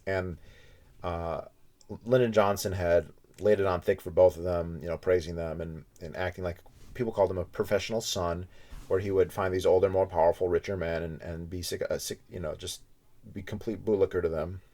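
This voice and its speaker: A man with a notably deep, low-pitched voice reviews a book in a relaxed, unscripted way. He talks like he is telling a friend a story, winding through anecdotes with little asides. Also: brisk.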